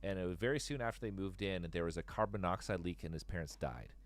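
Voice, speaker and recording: A man's voice: sits low, fast. A man in his forties hosting a live stream and chatting with callers, rambling, restarting sentences and swearing freely. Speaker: stream host taking callers. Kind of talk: casual chat.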